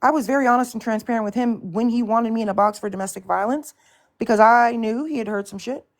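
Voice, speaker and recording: A woman's voice: fairly high pitch, fast. A woman hosting a live stream in casual chat, ranting bluntly and swearing often in exasperation.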